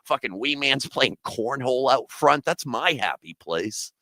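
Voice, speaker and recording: A man's voice: mid-range voice, lively intonation, unhurried, no room sound. A man from Massachusetts, a comedian and musician, telling rambling, profane stories on a casual podcast. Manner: rambling, profane storytelling, bursts into loud singing.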